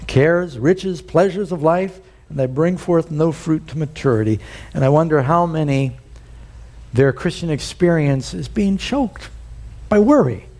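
Male pastor, mellow tone, fairly high voice, folksy sermon storytelling with emphatic peaks.

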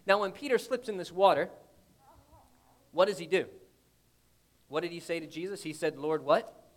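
Man, very high voice, preacher, sermon, dramatic loud-to-hushed delivery, rhetorical questions. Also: moderate pace. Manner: retells the scripture story vividly.

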